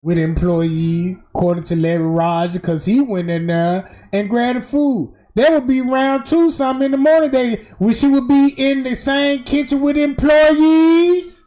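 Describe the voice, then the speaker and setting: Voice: sits high, unhurried, few pauses. A streamer giving casual, emphatic and profane commentary over video footage. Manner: animated, emphatic, slangy and profane.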